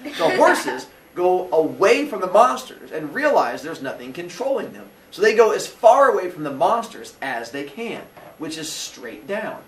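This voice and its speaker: Male teacher, animated storyteller, fairly high voice, echoey classroom with the mic set off at a distance. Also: measured pace, a little hiss or hum. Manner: playful, acts out characters, asks the class questions.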